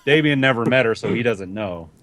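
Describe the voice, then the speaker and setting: A man running a tabletop horror game as game master, explaining events in a lively manner. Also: mid-range voice, a little fast, noisy background.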